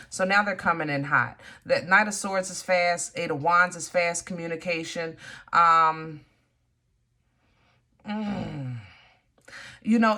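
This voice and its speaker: Tarot reader, woman, lowish voice, blunt and lively, talks right at the viewer. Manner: animated, blunt, swears in frustration, addresses viewer directly.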